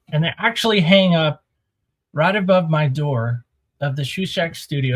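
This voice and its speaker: A man's voice: fairly high pitch, moderate pace, a bit bright. A man hosting a casual countdown vlog from a small home studio, playfully building suspense before each reveal. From Oregon. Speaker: host of a sneaker countdown show.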